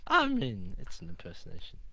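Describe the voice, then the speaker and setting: A man co-hosting a podcast, chatting casually over a video game, excitable and groaning and exclaiming at his misses. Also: on the low side, fairly quick, vocal fry. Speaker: podcast co-host.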